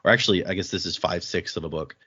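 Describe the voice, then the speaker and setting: Low-voiced man casually recapping a comic. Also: very fast, slightly rough. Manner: relaxed and rambling, with frequent fillers. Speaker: podcast host. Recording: dull lo-fi sound.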